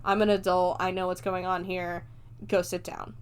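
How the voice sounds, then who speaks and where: A woman's voice: lowish voice, flat delivery, moderate pace, smooth, lightly acted. A woman briefly voicing a curt, condescending male sheriff while retelling a film on her podcast. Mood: dismissive. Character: gruff dismissive adult male sheriff.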